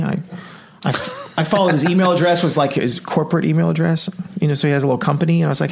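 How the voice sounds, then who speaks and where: A man's voice: on the high side, fairly even intonation, rapid-fire, creaky. A man hosting a podcast, telling a story in casual chat and acting out the quoted emails and replies. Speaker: podcast host.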